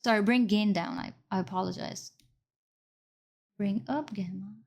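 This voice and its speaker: A woman's voice: mid-range voice, measured pace, creaky. Woman walking through a color grading tutorial. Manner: explains step by step, apologizes for slips. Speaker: video editing instructor. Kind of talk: screen-recorded tutorial.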